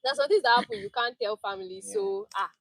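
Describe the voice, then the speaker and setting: A woman's voice: fairly high pitch, sing-song, fast, vocal fry, crowd noise, low-quality recording. A Nigerian woman telling her teaching story in a casual group chat, acting out quotes and laughing often. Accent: Nigerian English. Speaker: teaching fellow sharing experience.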